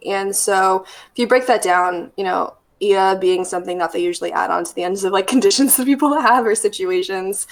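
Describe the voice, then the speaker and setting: Gravelly-voiced woman therapist, thoughtful. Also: medium pitch, brisk. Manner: thoughtful, storytelling with many fillers. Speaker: therapist guest. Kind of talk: casual podcast conversation.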